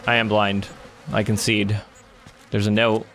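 Excitable, cursing young male gamer. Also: fairly low pitch, unhurried, slight background noise. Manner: excitable, swears a lot, yells in panic. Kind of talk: let's play commentary.

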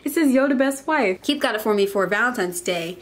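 A woman's voice: fairly high pitch, animated, brisk. A young woman, chatting to camera in a casual, bubbly and emotional way. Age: young adult. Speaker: vlogger.

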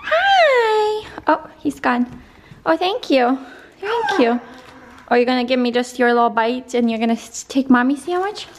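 Over a faint hiss or hum, a young woman talks in a high, animated voice at a moderate pace. As a stay-at-home mom vlogger, she chats casually to viewers and sing-songs encouragement to her toddler.

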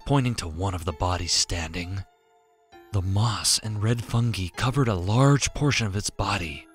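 A man narrating a scripted horror story in a hushed, grave, drawn-out way. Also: low voice. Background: faint background music.

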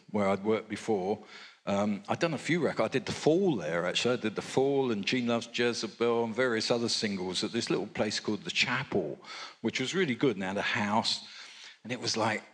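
Low-voiced older Englishman spinning studio anecdotes. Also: normal speed, fairly bright tone, slightly rough. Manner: rambling, many fillers and asides, chuckles. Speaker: record producer, interview guest. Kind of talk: relaxed anecdotal storytelling. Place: on stage at a fan convention.

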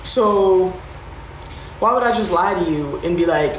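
Animated woman telling a story on a livestream. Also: fairly low pitch, a little slow. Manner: animated retelling, acting out quoted voices, swears freely. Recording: roomy with background noise.

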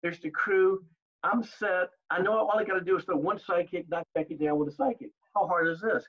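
An older man telling stories as an interview guest, animated, acting out the exchanges he recalls. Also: high voice, brisk, muffled recording. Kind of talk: storytelling in an interview.

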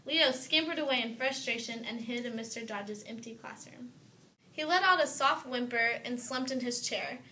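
A woman reads a children's picture story aloud, her voice a little high and steady. The room is echoey, with faint hiss underneath. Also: moderate pace, distant mic.

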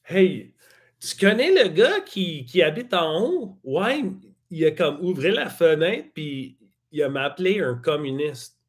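Gossipy neighbor lady, guy putting her on, high and loud, all worked up. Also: very animated, a little slow, slight background noise. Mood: indignant gossip. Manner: gossipy, indignant retelling. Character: chattering female downstairs neighbor.

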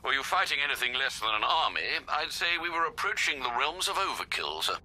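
An actor playing a loyal older butler in a video game, formal and polite with a dry wit. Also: male voice, mid-range voice, very animated, a little fast, bright, forceful tone, a little hiss or hum, low-quality recording. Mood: courteous.

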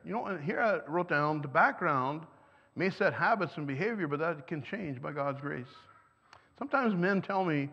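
An older man, native German speaker, preaching to parents in a church hall with a high, gravelly voice. He keeps asking the listeners questions and chuckles between points. The sound carries a long church reverb and a dull, lo-fi tone. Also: expressive, normal speed. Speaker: church teacher. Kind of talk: teaching sermon to parents. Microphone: microphone.

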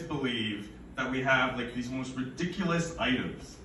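A young man with a mid-range voice and a sharp tone does stand-up at a live event, moving at a moderate pace through a rambling, absurd, stammering set. The sound is roomy and distant, with faint noise.

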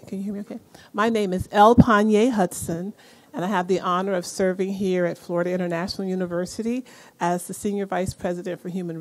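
A woman's voice: medium pitch, darkish tone. Enthusiastic woman emceeing a university event. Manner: enthusiastic, rallying the audience. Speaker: university senior vice president, event emcee. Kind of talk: event welcome speech. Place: event hall.

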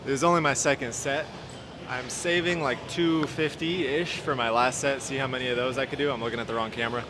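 A man's voice: medium pitch, fairly even intonation, fairly quick, noisy background. A young man chatting casually and upbeat to the camera in a gym, joking about himself and calling people dude. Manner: upbeat, chatty, self-deprecating, says dude. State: out of breath after sets. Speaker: fitness vlogger. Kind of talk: casual vlog chat.

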